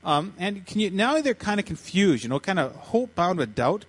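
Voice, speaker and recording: A man preaching a sermon, retelling a story in lively, animated fashion and acting out the voices with frequent restarts. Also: high voice, normal speed, breathy edge, poor audio. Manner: animated, acts out voices in quotes, many restarts. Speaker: pastor.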